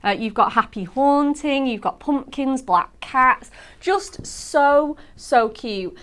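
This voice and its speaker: A woman's voice: sits high, animated, slow, a bit bright, clear, resonant tone. A woman presenting on a craft TV show, chatting effusively about products with lots of gasps and gushing praise. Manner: effusive, bubbly, full of gasps and "so cute". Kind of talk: gushing product demo chat.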